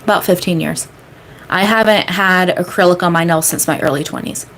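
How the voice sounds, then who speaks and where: A woman's voice: fairly low pitch, a little fast, fairly bright tone, slight background noise. Chatty woman hosting a live Q&A. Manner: chatty, rambling, frequent fillers; emphatic, repeats key phrases. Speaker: manifestation coach. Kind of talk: casual live-stream Q&A.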